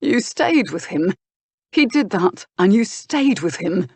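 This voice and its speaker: Woman narrator voicing an insistent young gentleman. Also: mid-range voice, big pitch swings, takes it slowly, breathy edge, no echo, exaggerated voice. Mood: urgent. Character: young gentleman, earnest and urgent. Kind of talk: audiobook dialogue reading.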